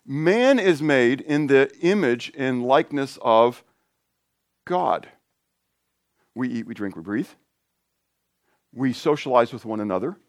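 Preaching an informal sermon, this man rambles conversationally with asides and restarts, going lively and high-pitched when animated. The sound is clean studio audio with no room sound.

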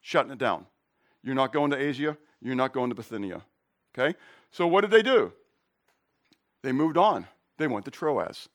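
Animated, lively-voiced preaching man. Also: mid-range voice, moderate pace, pauses often. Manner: conversational, asks the congregation questions; jokes and tells personal stories. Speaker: pastor. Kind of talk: sermon.

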